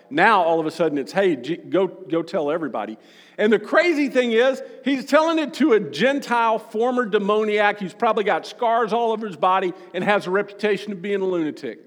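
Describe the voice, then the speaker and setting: A male pastor giving a sermon, reading scripture aloud and breaking in with casual, joking asides. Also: high-pitched. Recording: long reverb of a large room.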